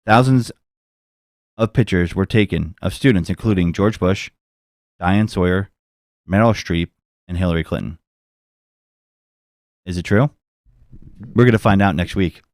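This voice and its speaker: A man's voice: low voice, unhurried, long pauses, a little mellow, no room sound, clean studio sound. A man hosting a casual podcast, rambling and cursing freely as he tells stories. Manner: rambling, swears freely, does mocking voices. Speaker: podcast host.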